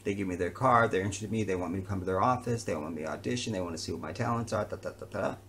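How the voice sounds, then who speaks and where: Animated man telling a story. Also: sits low, very fast, a little hiss or hum. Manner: animated, conversational, slangy. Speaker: entertainer. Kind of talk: personal storytelling to camera.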